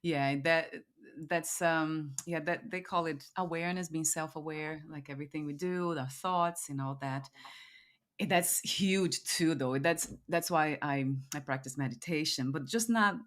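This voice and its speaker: A woman hosting a podcast, speaking in a soft, musing way and often pausing to restart her thoughts as she reflects aloud. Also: sits low. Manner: soft-spoken, musing, trails off and restarts while thinking aloud. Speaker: podcast host. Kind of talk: reflective conversational interview.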